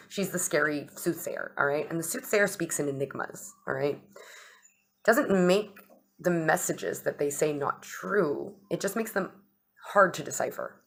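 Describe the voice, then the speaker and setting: A woman's voice: sits low, fairly bright tone. A young woman hosting an astrology and tarot chat, talking casually, swearing freely and acting out little dialogues. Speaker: astrology and tarot channel host.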